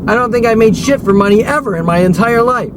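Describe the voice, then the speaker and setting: A vlogger with a high voice talks fast in an unscripted rant to camera, agitated, profane and rambling. He repeats himself and swears often. Vehicle sounds make the recording noisy.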